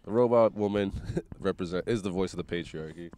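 A man co-hosting a podcast from a car, talking with a stuffy nose. He makes blunt, deadpan jokes and follows them with short laughs. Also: low-pitched, fairly quick. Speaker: podcast co-host. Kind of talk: casual chat. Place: inside a car.

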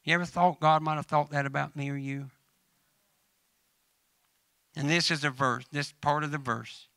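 A man's voice: fairly high pitch, fairly even intonation, moderate pace, gravelly, bright, forceful tone, no room sound. A man with a Southern American accent preaching a folksy sermon, telling funny stories and addressing church members by name. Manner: humorous storytelling mixed with scripture reading.

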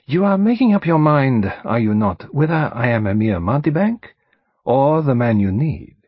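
A man reading an audiobook, voicing a fastidious, self-assured elderly male detective in a calm, precise manner. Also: medium pitch, breathy edge, dry recording, voice pushed up. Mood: courteous. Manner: precise, placid, courteous. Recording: dull studio audiobook recording.

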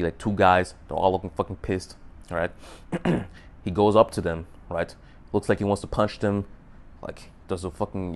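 A young man giving dating advice in a rambling, profane monologue to camera, often checking in with "right?". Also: deep voice.

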